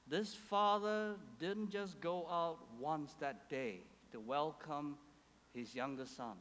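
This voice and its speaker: A man's voice: fairly high pitch, slow pace, a bit bright. A man preaching a sermon, telling a story with emphasis and acting out the quoted characters. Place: church hall. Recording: reverberant hall, faint ambience.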